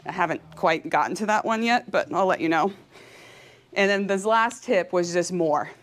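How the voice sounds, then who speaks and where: An energetic woman from California gives a motivational talk to an audience. She speaks openly and with feeling, and laughs often. Her voice sits slightly low for a woman. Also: moderate pace. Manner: emotional and openly heartfelt. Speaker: professional cyclist giving a talk.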